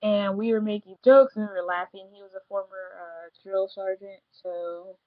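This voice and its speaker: A woman's voice: mid-range voice, fairly even intonation, normal speed, narrow, tinny audio. A young woman telling a story in a casual vlog, bubbly and rambling, jumping into the voices of the people she quotes. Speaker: vlogger.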